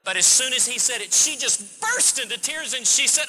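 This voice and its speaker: Bright-voiced preacher in a reverberant hall. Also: male voice, very high-pitched, lively intonation, normal speed, hardly any pauses, breathy edge, soft background music. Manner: storytelling preacher, shifts from hushed to emphatic. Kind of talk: sermon.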